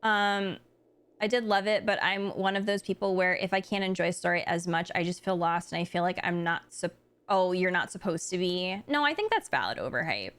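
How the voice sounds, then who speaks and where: A woman's voice: lowish voice, brisk, a bit bright, smooth. A woman streaming a game live, chatting casually and thinking aloud with lots of fillers.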